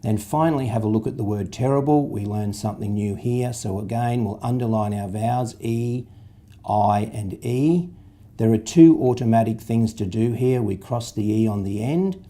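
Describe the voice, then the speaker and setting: A man's voice: on the low side, normal speed, few pauses, dark tone. A man explaining syllable division in a patient, step-by-step phonics lesson. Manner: patient, step-by-step instructional delivery. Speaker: literacy teacher.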